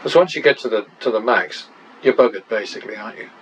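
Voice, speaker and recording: A man's voice: on the low side, lively intonation, quick pace, dull audio, slight background noise. A man and channel host talking through practice casino betting, muttering running tallies with wry exclamations.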